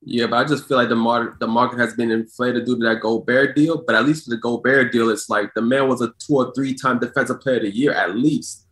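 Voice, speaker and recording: A man co-hosting a basketball show who lays out his opinions in a steady, reasoned way. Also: medium pitch, brisk, hardly any pauses. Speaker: co-host. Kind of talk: casual basketball chat. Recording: echoey room.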